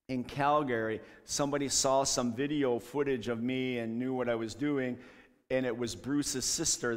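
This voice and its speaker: A man earnestly telling a ministry story in church, acting out the dialogue as he goes. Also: mid-range voice. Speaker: street ministry leader. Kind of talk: testimony talk in church. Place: church sanctuary. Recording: long church hall reverb.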